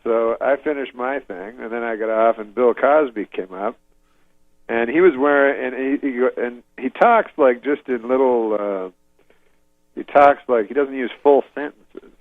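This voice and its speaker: A man from Canada, telling a meandering anecdote as a comedian guest in a deadpan way, chuckling at his own story. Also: medium pitch, measured pace, no echo. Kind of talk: rambling anecdote in an interview. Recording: slightly muffled lo-fi audio, dry.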